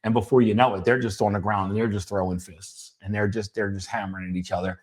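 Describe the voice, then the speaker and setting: A middle-aged man co-hosting a talk, telling his childhood story in a halting way with many restarts, at times emotional. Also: lowish voice, flat delivery. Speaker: podcast co-host. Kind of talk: personal storytelling conversation.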